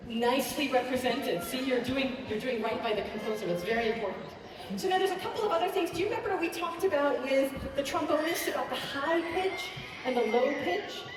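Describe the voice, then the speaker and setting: A woman hosting a children's concert, teaching young listeners in a lively, encouraging way, speaking in a large auditorium. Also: high voice, a little fast, crowd noise. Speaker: pianist and children's concert host. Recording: echoey hall from far off.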